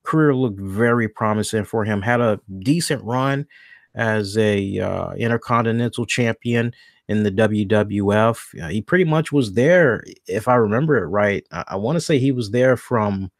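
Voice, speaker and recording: A man's voice: fairly low pitch, vocal fry, no room sound, clean studio sound. A man hosting a wrestling podcast alone, talking casually and rambling, thinking aloud and correcting himself as he goes. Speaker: podcast host.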